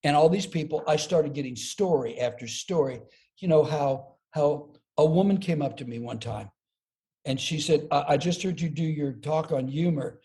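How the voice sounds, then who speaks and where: An older man, a comedian and speaker, telling a personal story as a podcast guest, lively and self-deprecating, acting out the quotes. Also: fairly high pitch, moderate pace. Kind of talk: storytelling an anecdote.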